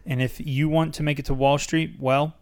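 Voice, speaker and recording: A man's voice: on the high side, little pitch movement, normal speed. A young man reading a book aloud on a podcast, dramatic in delivery and breaking off to joke. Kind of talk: casual reading aloud with asides.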